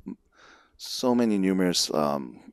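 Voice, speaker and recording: Man, very low voice, dry close sound, relaxed, filler-heavy, podcast guest. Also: a little slow, clear, resonant tone, dry recording. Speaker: guest, director and animator. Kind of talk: casual conversation.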